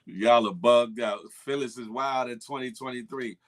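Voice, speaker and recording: A man hosting a morning show, chatting casually and teasing viewers with slang and laughter. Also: medium pitch. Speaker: morning show host reading viewer comments. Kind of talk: casual chat.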